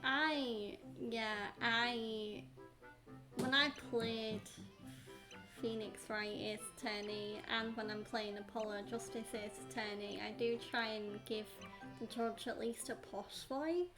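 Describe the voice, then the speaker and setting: A woman's voice: on the high side, steady tone, slow. A woman hosting a gaming stream, chatting casually and giggling with her co-player. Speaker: streamer, host. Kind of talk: casual gameplay chat. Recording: game music behind.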